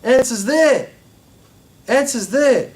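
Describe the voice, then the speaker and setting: A man teaching a religious class, talking in an animated way with many rhetorical questions and emphatic repetition. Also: extremely high pitch, takes it slowly, a little hiss or hum. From Australia.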